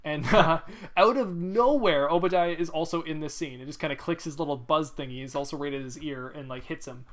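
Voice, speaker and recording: A man co-hosting a casual movie podcast, talking in an excited, rambling way with lots of fillers. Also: fairly high pitch, fairly quick. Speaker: podcast co-host. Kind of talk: casual movie-review chat.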